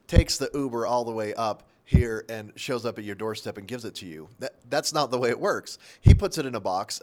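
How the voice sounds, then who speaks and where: A male teacher giving a short, casual history lesson, talking conversationally with asides and self-corrections. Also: lowish voice. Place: local area near Salt Lake.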